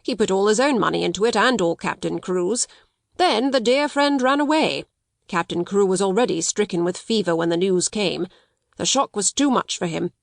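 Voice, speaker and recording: A woman's voice: mid-range voice, animated, moderate pace, vocal fry, no echo, clean studio sound. A woman reading a storybook voices a shrewd male solicitor who speaks brusquely and with disapproval. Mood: brusque, blunt. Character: curt, shrewd male solicitor, dry little man.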